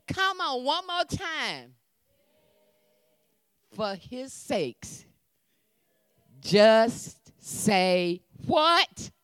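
A woman preacher, leading a sermon with call and response and swinging from loud calls to hushed whispers. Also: sits high, no echo, studio quality.

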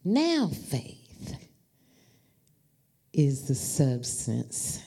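A woman preaching with a gravelly, slightly low voice. She takes her time, and her pitch swoops widely as she tells stories and calls out to the congregation. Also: slow. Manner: animated, addresses the congregation as y'all. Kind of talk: storytelling sermon.

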